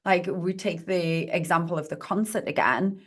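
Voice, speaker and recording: A woman's voice: lowish voice, fairly even intonation, moderate pace. A woman speaking as a podcast guest and positive psychologist, talking in an earnest, encouraging coaching tone. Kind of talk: podcast conversation.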